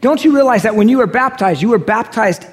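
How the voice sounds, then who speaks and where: A man in his thirties delivers a church sermon, his voice sitting notably high. He preaches earnestly and with emphasis, reading scripture and then explaining it, pushing his voice up on the points that matter. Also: animated, brisk. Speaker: pastor.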